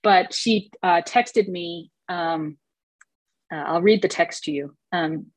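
Woman, recovery meeting share, hesitant with many fillers, lowish voice, dry sound. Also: slow pace, no room sound.

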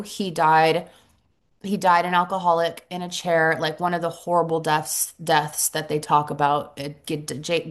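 A middle-aged woman sharing her story at a support meeting, earnest and reflective, pausing often and restarting her sentences. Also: sits low. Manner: halting, earnest, reflective, many pauses and restarts. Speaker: recovery group member sharing.

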